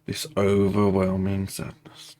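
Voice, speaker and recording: A man leading a guided tapping meditation, speaking slow, repetitive first-person affirmations. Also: low-pitched, monotone, a little mellow, a little hiss or hum.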